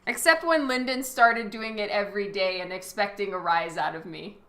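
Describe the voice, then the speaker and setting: Her mid-range voice is a bit bright and moves at a moderate pace, with a roomy sound around it. She's a livestreaming artist chatting casually with her audience while she works, giggly, laughing often and reacting to the messages that come in.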